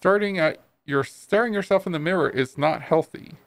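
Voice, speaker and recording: Deadpan talking tuna toy listing weird facts, some guy voicing it, gravelly, dry sound. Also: a little high, moderate pace, no room sound. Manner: cheerful deadpan fact recital.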